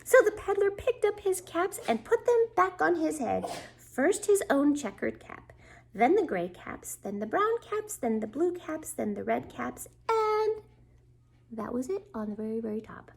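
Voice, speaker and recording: A woman teacher reading a children's story aloud, expressive and asking the young listeners questions. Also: high voice, a little slow, vocal fry.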